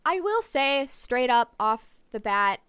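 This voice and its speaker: A woman streams herself playing a game and rambles through her commentary, swinging into gushing excitement. Her voice sits a little high for a woman, and the sound is close and dry, with no room echo at all. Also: slow pace, smooth. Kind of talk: let's play commentary.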